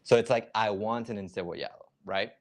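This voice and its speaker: A man with a fairly low voice talks casually on a live reaction stream. He explains slang step by step and leans on filler words as he goes. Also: brisk.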